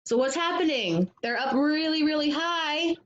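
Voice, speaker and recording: A woman preschool teacher reading a picture book to young children, animated and asking them questions. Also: high voice, moderate pace, dull audio, slight background noise.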